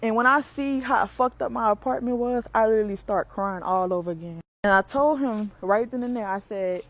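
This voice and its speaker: A woman's voice: fairly high pitch, fairly quick. A young adult woman telling a personal story on camera in a candid, blunt, profane and emotional way. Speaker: vlogger.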